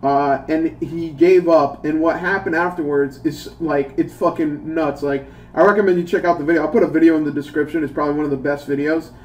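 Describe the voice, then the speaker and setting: A man, a gaming YouTuber, giving a casual, profane, animated rant with bursts of laughter while he plays a mobile game. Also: on the high side, a little fast, hardly any pauses, recorded from a distance, slight background noise.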